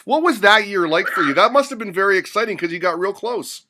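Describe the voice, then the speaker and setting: A man's voice: high-pitched, lively intonation, quick pace, noisy background. A man hosting an interview, asking questions and telling anecdotes in a conversational way. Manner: conversational, storytelling. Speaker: interviewer host.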